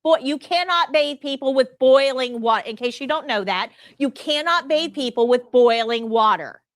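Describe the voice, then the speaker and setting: A middle-aged woman leads a live nursing class, her voice pitched a little high and swinging widely as she tells stories with strong emphasis. The sound is dry and close to the mic. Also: normal speed, dry recording. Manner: storytelling, lively and emphatic. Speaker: nursing instructor.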